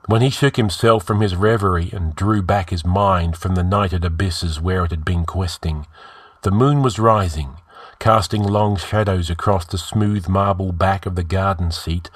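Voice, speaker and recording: A man reading fantasy fiction aloud, narrating with measured, dramatic pacing. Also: deep voice, slightly rough, dry recording, studio quality.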